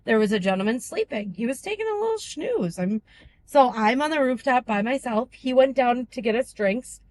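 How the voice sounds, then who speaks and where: A woman's voice: fairly high pitch, a little mellow. A woman passenger telling a rambling story in casual chat, sometimes searching for words.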